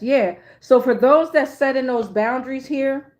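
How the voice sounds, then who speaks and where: A woman's voice: high-pitched, unhurried. Chatty, cursing woman tarot reader. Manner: chatty, profane, keeps asking "right?". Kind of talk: casual reading to viewers.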